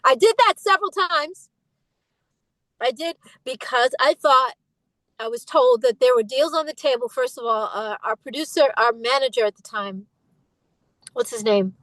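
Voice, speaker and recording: A woman's voice: on the high side, moderate pace, a bit bright, dry recording, low-quality recording. A middle-aged woman speaking as an interview guest, emphatic and impassioned, slipping into imitations when she retells what others said. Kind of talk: candid interview conversation.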